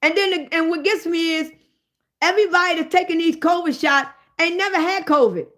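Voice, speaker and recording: A woman, hosting a livestream and ranting in a loud, profane, animated way. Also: very high-pitched, brisk. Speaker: livestream host.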